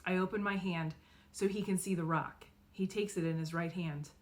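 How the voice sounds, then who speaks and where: A woman narrating a novel in the first person, expressive and acting out the dialogue. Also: fairly low pitch, normal speed. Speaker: audiobook reader.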